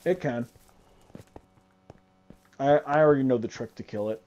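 A man's voice: mid-range voice, moderate pace, mellow, muffled recording. A young man casually chatting while playing a game with a friend, rambling, repeating words and swearing lightly. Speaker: gamer co-player. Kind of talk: casual gaming chat.

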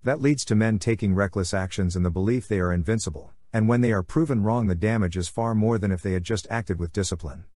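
A pessimistic male officer speaks curtly and bluntly, voiced by a man reading a story. His voice sits low and plain. The sound is dry and close. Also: fast, few pauses, dark tone, no echo, lightly acted. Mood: grim. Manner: blunt and curt.

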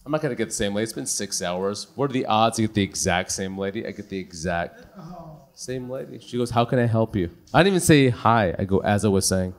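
A man performing stand-up comedy in a club, with an animated, punchy delivery full of rhetorical questions. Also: lowish voice, fast, crowd noise.

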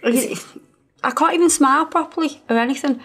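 A woman's voice: high-pitched, fairly quick, fairly bright tone. A woman from the English Midlands with a slight lisp, chatting as she walks through a nail tutorial. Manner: chatty, explains steps as she works. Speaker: nail technician and channel host. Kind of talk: chatty tutorial while working.

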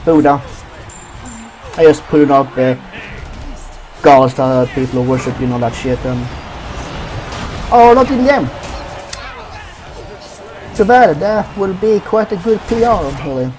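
A man's voice: mid-range voice, moderate pace, long pauses, darkish tone, soft background music. A man giving profane commentary over his own gameplay, trash-talking opponents. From Sweden. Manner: swears a lot, trash-talks opponents. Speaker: gaming commentator.

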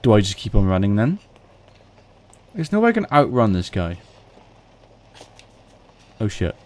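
A man's voice: fairly low pitch, sing-song, unhurried. A man giving casual let's play commentary into a desk mic on a stand, with swearing, panicky outbursts and self-mocking jokes. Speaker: gaming video host.

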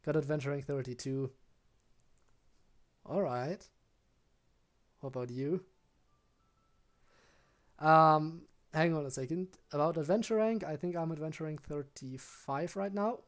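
A man's voice: on the high side, a little slow, long pauses. A young man chatting casually with his viewers while he streams a game. He rambles, often restarts his sentences and answers questions from chat.

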